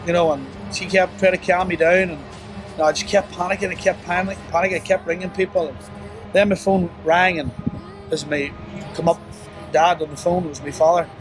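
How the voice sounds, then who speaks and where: A young man tells a painful story of remorse, his voice sitting fairly high. He stumbles and restarts, leaning on fillers as he goes. Faint music plays under him. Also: steady tone. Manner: halting, full of "you know" and restarts; remorseful, low and subdued. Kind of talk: personal confession interview.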